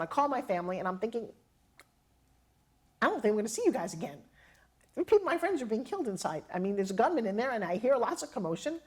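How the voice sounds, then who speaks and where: It's a story from her own life, told by a middle-aged woman in a lively, dramatic style. She mimics the voices of those she quotes, and her pitch keeps rising and falling in this animated telling.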